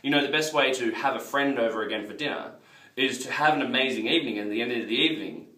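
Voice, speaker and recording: A man's voice: mid-range voice, fast talker, pushed and bright, reverberant, recorded from a distance, rough recording. A man giving a casual business coaching lesson, talking loosely, repeating himself and calling the viewers guys. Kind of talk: casual marketing lesson to camera.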